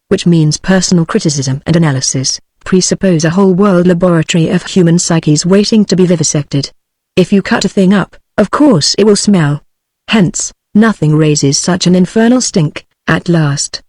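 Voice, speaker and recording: A woman's voice: lowish voice, dry recording. Dry synthetic British woman narrator. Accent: British English. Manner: even, steady machine reading. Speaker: audiobook narrator. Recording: dry, close text-to-speech audio.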